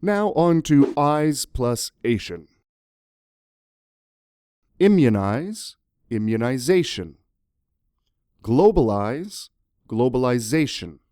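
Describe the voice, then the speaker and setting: A man's voice: medium pitch, slow pace, long pauses, smooth, dry recording, clean studio sound. A man teaching an English grammar lesson in a playful, jokey way, often speaking directly to the viewers. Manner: jokey, animated, talks to viewers.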